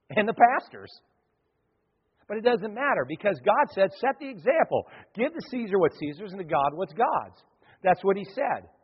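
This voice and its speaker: Man, pastor, lively sermon, husky voice, long reverb. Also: on the high side. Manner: animated preaching, acts out quoted voices. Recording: dull sound, long hall reverb.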